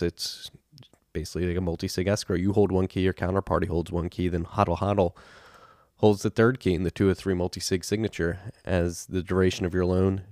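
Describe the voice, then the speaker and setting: A man's voice: deep voice, a little mellow, no echo, studio quality. A man hosting a podcast, reading sponsor spots in a loose, offhand way and spelling out web addresses. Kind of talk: casual ad read.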